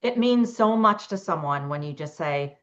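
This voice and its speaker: A woman's voice: low-pitched, animated, moderate pace, a bit bright, lo-fi sound. A middle-aged woman, a couples therapist, giving advice in a podcast interview and acting out sample dialogues. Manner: explains with acted example dialogues.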